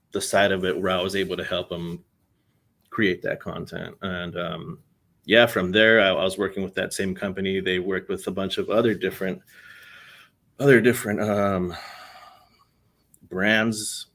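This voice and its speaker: A young man talking casually as a podcast guest, relaxed and rambling with many fillers. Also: low voice. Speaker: podcast guest, content creator. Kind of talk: casual interview talk.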